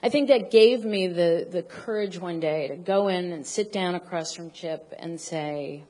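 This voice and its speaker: Husky-voiced woman telling a stage story. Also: lowish voice, mellow. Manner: halting, self-deprecating with restarts.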